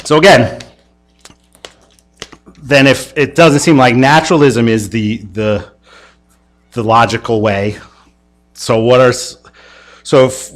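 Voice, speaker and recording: A man teaching a church discussion class in a casual, rambling lecture full of fillers and restarts. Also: medium pitch. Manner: rambling, hesitant, many fillers.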